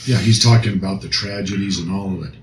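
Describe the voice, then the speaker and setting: A man's voice: low-pitched, steady tone, fast. Earnest man with an echoey sound. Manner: earnest, emphatic, with frequent restarts. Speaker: recovery counselor and podcast co-host. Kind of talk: casual discussion. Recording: echoey room, faint noise.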